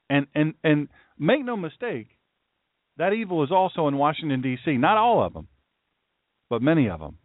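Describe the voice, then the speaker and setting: A pastor preaches a sermon in a fairly high voice, emphatically repeating his warnings and reading scripture aloud. The recording is dry and tinny, like a phone.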